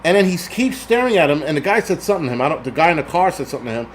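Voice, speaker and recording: A middle-aged man hosting a live stream, ranting angrily with heavy swearing, reading chat, swinging between shouting and muttering. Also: fairly high pitch, sing-song, rapid-fire, a little hiss or hum. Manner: angry, swearing, reads chat. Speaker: livestream host. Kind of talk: profane live-stream rant.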